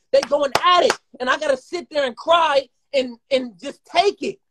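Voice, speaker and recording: Heated, profane high-voiced young man. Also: fairly bright tone. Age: 20s. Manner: heated, profane, rapid, rambling. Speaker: guest. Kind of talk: emotional live-stream conversation.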